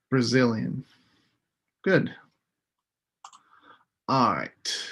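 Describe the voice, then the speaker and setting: A man's voice: medium pitch, creaky. A man teaching a live online English lesson, patiently modeling words for students to repeat.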